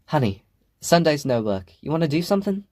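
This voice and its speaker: A man's voice: on the high side, sing-song, fairly quick, pitched above the performer's own voice. A man voicing an affectionate, fretful mother who coaxes her daughter. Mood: coaxing. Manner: warm, coaxing, fretful talk.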